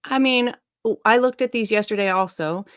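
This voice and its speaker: A woman hosting a casual chat stream, blunt and teasing, thinking out loud. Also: medium pitch, moderate pace, clean tone, dry recording, studio quality. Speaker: stream host.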